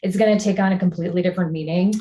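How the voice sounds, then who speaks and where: A woman artist guest on a podcast, talking through her ideas in a relaxed, reflective way. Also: on the low side, racing. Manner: reflective, talks through ideas with many fillers. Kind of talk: casual podcast conversation. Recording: echoey room.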